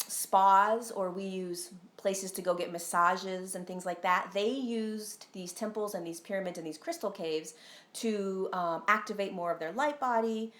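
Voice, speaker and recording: A woman's voice: medium pitch, unhurried, fairly bright tone, echoey room. A woman talking casually on a live stream as a spiritual teacher, earnest and rambling, with frequent ums and tag questions. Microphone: phone.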